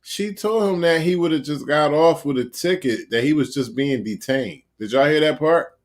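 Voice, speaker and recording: A man's voice: fairly high pitch, moderate pace. A man hosting a casual online panel chat, firmly steering who talks and when. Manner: steers the talk, cuts in firmly. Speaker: host.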